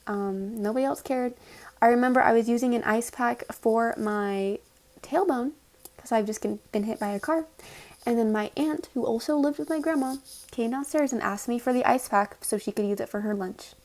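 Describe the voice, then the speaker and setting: A woman's voice: on the high side, normal speed, darkish tone. A young woman telling a casual storytime vlog, sarcastic and swearing freely. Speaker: vlogger.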